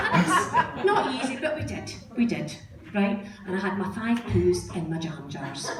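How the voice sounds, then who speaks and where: A middle-aged Scottish woman doing stand-up comedy, a chatty, self-mocking storyteller. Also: high voice. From Scotland. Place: comedy club stage. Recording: roomy stage sound, distant mic, audience laughter. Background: audience laughing.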